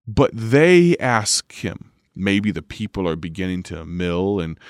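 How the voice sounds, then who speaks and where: A man preaches on the radio, reading scripture aloud and then teaching from it. His voice sits low and he moves very slowly, leaning on key words. The recording is close and dry, with no room sound. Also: no echo. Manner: slow, measured, drawn-out emphasis on key words.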